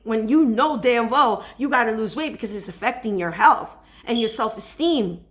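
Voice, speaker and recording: A woman's voice: on the high side, animated, normal speed, few pauses. A woman speaking as a spiritual advisor in a casual preaching monologue, who keeps checking in with her listeners by asking "okay?".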